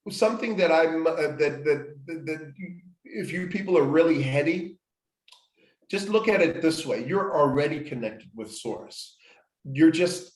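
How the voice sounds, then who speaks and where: A man guides a healing exercise step by step, repeating phrases and restarting sentences as he goes. His voice sits at an ordinary middle pitch. The room around him rings with noticeable echo. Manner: step-by-step, repetitive, frequent restarts. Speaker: healing workshop host. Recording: echoey room.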